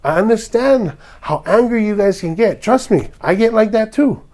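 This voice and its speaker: A man's voice: high voice, expressive, moderate pace, a little mellow. A man from Hawaii, hosting a podcast and ranting with heated indignation. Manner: heated and indignant, acts out others' lines. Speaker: podcast host. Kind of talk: ranting commentary.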